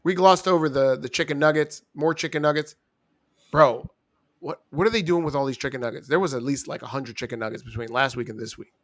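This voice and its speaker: A man's voice: mid-range voice, a little fast, fairly bright tone. A young man co-hosting a wrestling review, talking in casual, joking banter with teasing asides.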